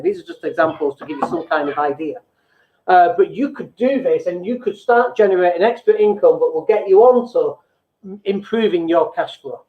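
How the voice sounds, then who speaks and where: A man hosting a business show, talking bluntly and mocking himself, now and then mimicking people in sing-song voices. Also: sits high. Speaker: business coach and show host. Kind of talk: casual motivational talk to viewers. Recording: echoey room over a phone-like thin line.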